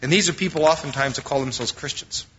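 Male pastor, sermon delivery, bright and forceful, fillers and restarts, dull lo-fi recording. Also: fairly high pitch, quick pace, husky. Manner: preaching with fillers and restarts, quoting scripture.

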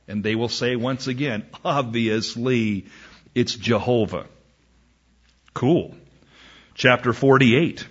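Slow, emphatic preacher on a dull recording. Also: male voice, mid-range voice, breathy edge. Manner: emphatic, reads scripture slowly and acts out a back-and-forth dialogue. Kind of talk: sermon.

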